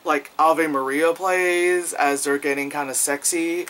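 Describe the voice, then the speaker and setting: A man's voice: a little high, steady tone, measured pace, fairly bright tone, rough recording. Rambling, profane young-sounding man. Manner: loose, profane, many fillers; acts out quoted lines in jumpy voices. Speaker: film reviewer. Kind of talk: casual rambling review.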